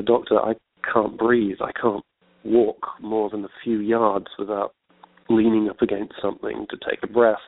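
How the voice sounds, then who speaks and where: A man with an English accent, a guest author telling his story in a reflective, unhurried way during a radio interview by phone. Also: fairly low pitch, dry recording. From England. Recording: tinny phone line.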